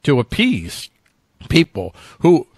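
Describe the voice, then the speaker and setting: A male co-host in casual political chat, animated and jokey, often slipping into mock voices. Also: a little high, slow, creaky, slightly rough, no echo, clean studio sound.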